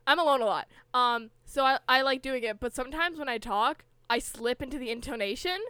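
A woman's voice: high voice, a little fast, pushed and bright, clean tone, dry recording. A young woman co-hosting a podcast, chatting casually and bluntly while she recaps a show. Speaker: podcast co-host.

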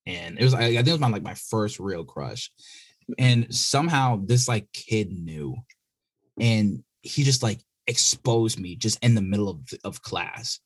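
A young man co-hosting a podcast, telling stories in slangy casual chat with quick bursts and laughing asides. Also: lowish voice, animated, husky, no echo. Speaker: podcast co-host.

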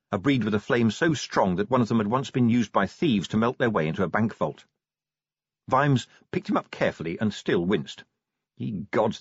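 A man's voice: on the low side, breathy edge, dry recording. A man narrating an audiobook in a wry, dramatic storytelling manner. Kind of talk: scripted narration. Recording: slightly dull dry studio recording.

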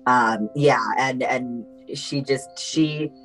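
A woman narrating as game master in a tabletop role-playing game, halting and emotional with many fillers. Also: very deep voice, fairly even intonation, faint music behind, rough recording.

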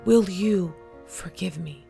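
A woman's voice: lowish voice, takes it slowly, creaky, mellow, soft background music, exaggerated voice. A woman voicing a former male prison camp guard who earnestly asks for forgiveness, read aloud within a story.

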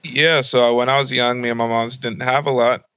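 A young man with a bright, forceful voice tells a story from his youth on a podcast. He talks casually and jumps into animated, high squeaky impressions of the women in his family. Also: normal speed, clear, resonant tone, no echo, low-quality recording. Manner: animated, acts out high-pitched voices of his mom and grandma. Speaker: podcast host.

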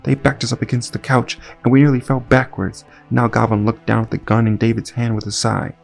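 A man's voice: medium pitch, little pitch movement, fairly quick, gravelly, faint music behind. A man reading a first-person audiobook narration with dry, wry asides.

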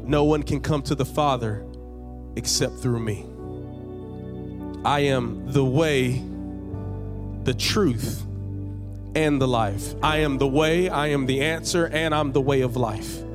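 A man preaching a sermon as pastor, repeating phrases and building to emphatic high peaks, sometimes dropping into casual slang. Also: slow, pauses often, music in the background. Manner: conversational, uses casual slang.

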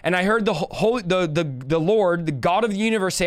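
High, resonant-voiced man preaching testimony. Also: fast. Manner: fervent, emphatic storytelling with repeated phrases; talks straight to live viewers. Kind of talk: testimony on a live stream.

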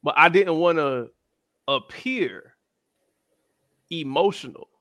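A man's voice: a little high, takes it slowly, dry recording. A man in his thirties co-hosting a casual chat, talking in slang and acting out what other people say. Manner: animated, slangy, acts out quotes. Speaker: podcast co-host.

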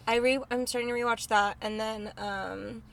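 A woman's voice: a little high, fairly even intonation, normal speed, gravelly. A young woman co-hosting a casual podcast, bubbly and rambling, often laughing as she talks. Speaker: podcast co-host. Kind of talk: casual chat.

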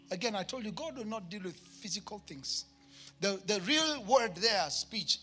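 This man, a pastor with a Kenyan accent, preaches to his church in a husky voice that sits high. His sermon is emphatic, punctuated by shouted peaks and comic asides.

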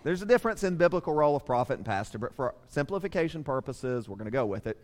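A man preaching a sermon, telling the story in a lively way and speaking straight to the children in the congregation. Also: high-pitched. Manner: animated storytelling, addresses children directly. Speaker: pastor. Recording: long reverb of a large hall.

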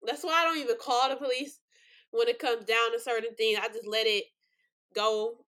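Bright-voiced tearful woman podcast host. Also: on the high side, fairly even intonation, moderate pace. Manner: rambling, many fillers, choked up. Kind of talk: emotional true-crime podcast talk.

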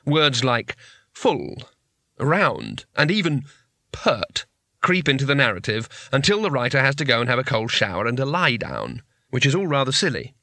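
A man's voice: mid-range voice, bright, forceful tone, no echo. A man narrating a comic fantasy audiobook in a wry, dry storytelling manner.

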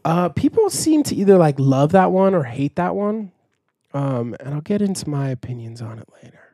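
A young man hosting a casual podcast, rambling cheerfully and laughing between thoughts. His voice sits a little higher than most men's but sounds soft and mellow. The sound is dry, close to the mic. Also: big pitch swings, normal speed, no room sound. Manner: chatty, rambling, giggly. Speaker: podcast host. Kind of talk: casual chat.

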